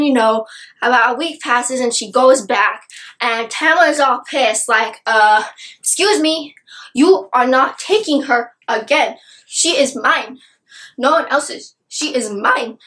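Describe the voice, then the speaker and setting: A young woman excitedly reviewing a book, gushing with exaggerated outrage. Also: high-pitched, low-quality recording.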